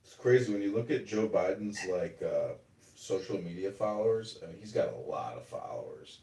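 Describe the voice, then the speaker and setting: A man's voice: lowish voice, lively intonation, moderate pace, warm tone, recorded from a distance. A man hosting a casual chat, rambling and mocking with plenty of profanity. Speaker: podcast host and political candidate. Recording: roomy room, away from the mic.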